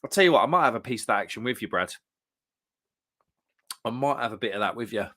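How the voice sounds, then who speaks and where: A British man in relaxed live-stream chat, talking at a middling pitch. He is chatty and easygoing. He reads viewers' comments aloud and chuckles often as he goes. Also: fast talker.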